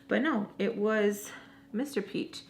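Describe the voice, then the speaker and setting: Storytime vlogger, woman with a mid-range voice, chatty and animated. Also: mid-range voice, slow. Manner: animated, acts out quoted dialogue; rambling, self-correcting asides. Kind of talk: casual storytime retelling.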